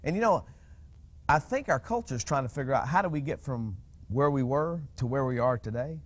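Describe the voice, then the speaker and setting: A man hosting a talk show, chatting in a casual, animated way with frequent restarts. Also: medium pitch, a little fast.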